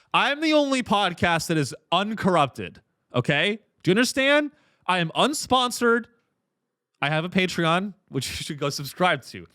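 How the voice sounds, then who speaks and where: Animated, ironic man hosting a podcast. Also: a little high, no room sound, clean studio sound. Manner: ironic, profane, rambling with restarts. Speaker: podcast host. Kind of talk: satirical comedy rant.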